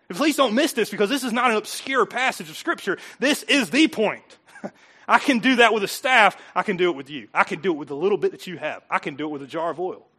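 Male pastor, middle-aged, animated sermon delivery with jokes and acted-out voices; high, bright tone. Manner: animated, joking, acts out voices.

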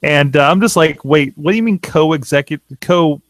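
A man with a high voice hosts a casual podcast from his home studio, rambling and laid-back. He is recorded on a webcam setup with a dry, close sound. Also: normal speed, no echo. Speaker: podcast host.

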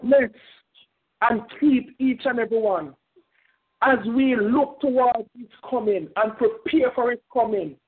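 High-voiced fervent male preacher. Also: measured pace, slightly rough. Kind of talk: sermon. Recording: tinny phone-like sound.

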